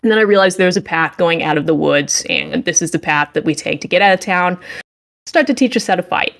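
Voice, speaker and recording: A woman's voice: fairly low pitch, a little fast, gravelly, fairly bright tone. A young woman co-hosting a podcast, recapping a video game in a playful, sarcastic way and acting out the dialogue. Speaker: podcast co-host reviewing games. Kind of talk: casual comedic game recap.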